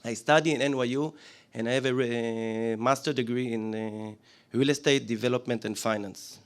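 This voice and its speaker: A man in his forties with an Israeli accent gives a business pitch to a live audience, plain-spoken, questioning the room with frequent fillers. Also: fairly even intonation, normal speed. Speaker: business presenter.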